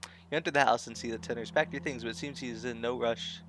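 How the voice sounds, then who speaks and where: A man's voice: medium pitch, fairly even intonation, fast talker, a bit bright, a little hiss or hum. A man playing a story-driven game, reading the narration and dialogue aloud and correcting himself when he trips over words. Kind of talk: let's play, reading game text and choices aloud. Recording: game music clearly behind the voice.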